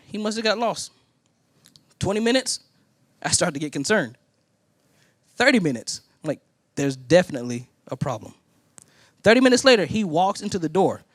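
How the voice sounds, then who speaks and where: Guy preacher telling his story, swings his pitch all over, kinda high voice, dry close mic. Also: no room sound. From Indiana. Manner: animated storytelling, acting out quoted voices. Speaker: pastor. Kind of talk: sermon storytelling.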